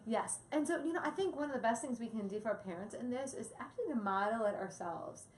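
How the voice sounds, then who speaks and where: Her voice is on the high side, expressive and quick as she co-hosts a casual educational talk about parenting. She laughs often, gives examples, and the echoey room has faint ambient noise.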